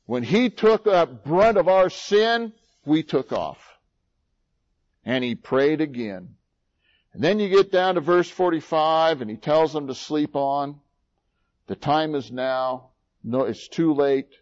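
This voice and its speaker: Man preaching from scripture, lively swinging pitch, dramatic, slightly muffled recording. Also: takes it slowly. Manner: dramatic, swings between loud scripture reading and low quiet asides. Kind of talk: sermon.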